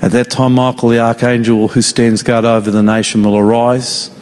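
A man preaching a sermon in an earnest, pleading, slow and emphatic way. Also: medium pitch, little pitch movement, a little mellow, a little hiss or hum. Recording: long reverb of a large hall.

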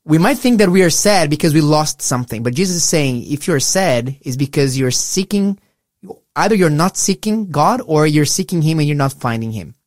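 Earnest man, slightly high, dry sound. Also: animated, normal speed, no room sound. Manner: earnest, reflective, pastoral. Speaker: podcast co-host. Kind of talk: casual Bible discussion.

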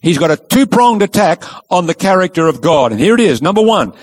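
Man preaching, fairly high voice, lively swooping pitch, emphatic storytelling. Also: a little fast, few pauses, husky. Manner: emphatic storytelling, asks rhetorical questions. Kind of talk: sermon.

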